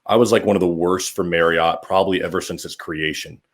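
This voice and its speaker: Deep-voiced man telling a rambling story. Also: brisk. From Orlando area. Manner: rambling, animated, acts out quotes. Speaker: podcast host. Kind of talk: casual storytelling.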